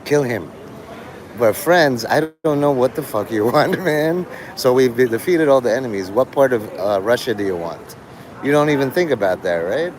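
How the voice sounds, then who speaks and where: A man's voice: medium pitch, expressive, moderate pace, darkish tone, rough recording. A man live-streaming outdoors on a city street, chatting in a rambling, meandering way and laughing often between thoughts. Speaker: livestreamer.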